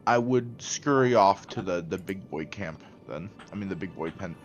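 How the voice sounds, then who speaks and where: A male player in a tabletop game chats and jokes in a fairly low voice. He restarts his sentences and stumbles as he speaks. Faint music sits in the background. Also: animated, moderate pace, muffled recording. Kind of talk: casual chat at a game table.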